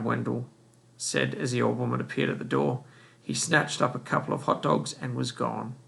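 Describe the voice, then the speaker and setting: A man reading a novel aloud in a plain, unhurried way. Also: medium pitch, steady tone, gravelly, a bit bright. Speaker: reader.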